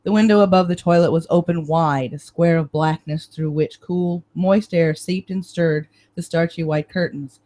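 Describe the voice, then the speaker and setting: Woman reading a novel aloud. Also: lowish voice. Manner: steady first-person narration, measured. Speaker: reader and stream host.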